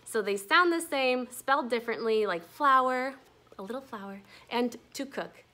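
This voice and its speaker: A woman's voice: fairly high pitch, animated, normal speed, pushed and bright. A young woman teacher explaining a grammar lesson patiently, spelling words out letter by letter.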